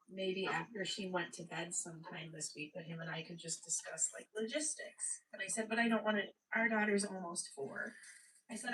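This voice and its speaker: A young woman with a stuffy nose, chatty and animated, telling a story on a casual live stream. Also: lowish voice, far from the mic, low-quality recording. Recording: voice away from the mic.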